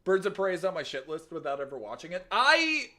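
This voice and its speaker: A young man, streaming a game and bantering loudly with chat. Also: high-pitched, very animated, fairly quick. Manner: loud joking banter, swearing, shouting greetings. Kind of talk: casual gaming livestream chat.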